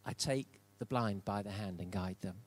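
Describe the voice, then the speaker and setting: A man's voice: on the low side, normal speed. An older man preaching a sermon in church, emphatic and repeating key phrases for stress. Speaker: pastor.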